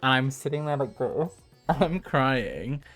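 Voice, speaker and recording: A man's voice: medium pitch, expressive, slow, a bit bright, faint music behind. A man in his thirties, a livestream host telling a story to his chat, talking casually and laughing often. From United Kingdom. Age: 30s.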